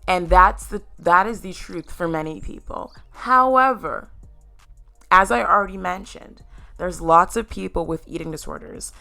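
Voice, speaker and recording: A woman vlogger with a gravelly, slightly low voice speaks candidly straight to her viewers. Her delivery is emphatic and personal, and soft music sits behind her. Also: measured pace. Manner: candid and emotional, sometimes tearful; emphatic, addresses viewers directly. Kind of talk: personal video talk to camera.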